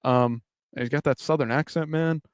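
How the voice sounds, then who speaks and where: A man's voice: fairly high pitch, moderate pace, clear, resonant tone, dry recording, studio quality. A man hosting a live stream late at night, talking casually and profanely in a loose, rambling way with many restarts. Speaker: livestream host.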